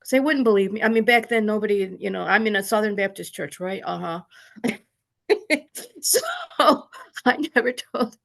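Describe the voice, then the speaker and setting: A woman's voice: mid-range voice, normal speed, vocal fry, pauses often. A woman sharing a personal story in an online group, earnest and rambling, with many restarts. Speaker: study group participant. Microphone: video call.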